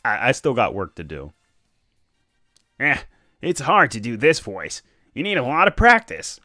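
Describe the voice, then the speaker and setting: A man's voice: medium pitch, wildly swooping pitch, a little slow, pushed and bright, no room sound, studio quality, soft background music. A man casually chatting on a live stream while reading and analysing comics, laughing often.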